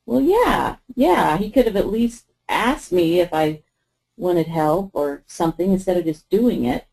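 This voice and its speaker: A frustrated young wife spills her hurt to a friend in an improvised role-play, acted by a woman. Her voice sits low and gravelly, and she talks in a venting, exasperated way. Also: expressive, unhurried, darkish tone, heavily acted, low-quality recording. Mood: upset.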